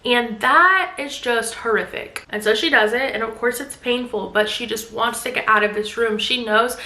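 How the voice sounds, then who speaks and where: Bright, emphatic young woman vlogger. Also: on the high side, moderate pace. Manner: animated, emphatic. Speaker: book vlogger. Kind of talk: casual book recap. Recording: echoey room.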